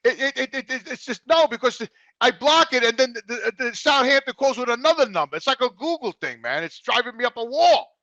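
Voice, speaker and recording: A man's voice: very high-pitched, animated, fairly quick, pushed and bright, no echo, highs cut off. A man telling a long story in casual studio chat, swearing often and stumbling over repeated words. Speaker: regular co-host.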